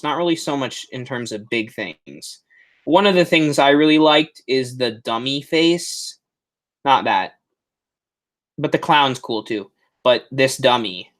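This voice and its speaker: A man's voice: fairly high pitch, fairly bright tone. A young man hosting a live stream, chatting enthusiastically and a bit ramblingly about expo footage, often correcting himself mid-sentence. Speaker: horror haunt channel host.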